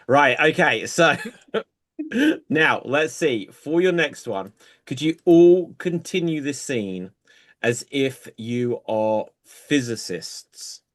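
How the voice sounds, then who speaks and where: A man's voice: mid-range voice, animated, fairly bright tone. A man hosting an online improv show in an easygoing way, calling out games and new styles for the players. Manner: slow, easygoing, calls games.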